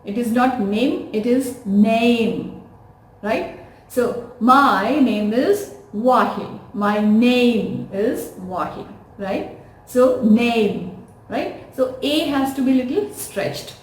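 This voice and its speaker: Speaking slowly in a voice on the high side, an Indian English-accented woman gives a deliberate pronunciation lesson to camera. She spells out words one letter at a time and says them again, and the room around her echoes.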